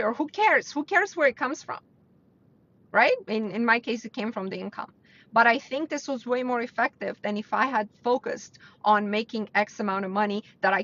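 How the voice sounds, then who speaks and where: A woman's voice: a little high, fairly bright tone. A woman hosting a live mindset talk, speaking bluntly and earnestly to her viewers and pushing her voice up to stress a point. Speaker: host of a weekly live mindset stream. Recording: dull lo-fi livestream audio.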